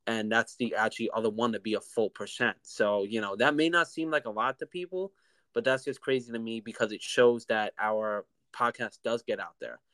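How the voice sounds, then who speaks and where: A young man in his twenties talks casually as a podcast co-host, in a relaxed, rambling way. His voice sits low and comes through smooth and clear. The sound is dry and close. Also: brisk, no echo. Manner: relaxed, rambling with many fillers. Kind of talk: casual chat.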